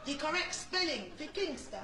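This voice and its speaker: A woman playing a rude, foul-mouthed teacher who shouts and swears at her class. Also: sits high, big pitch swings, moderate pace, echoey room. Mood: bossy. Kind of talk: sketch comedy.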